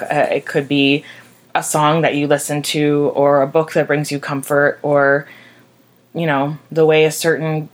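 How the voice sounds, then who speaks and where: Low-voiced woman, raw and sweary. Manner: raw and emotional, swears freely. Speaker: vlogger. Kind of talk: candid personal monologue.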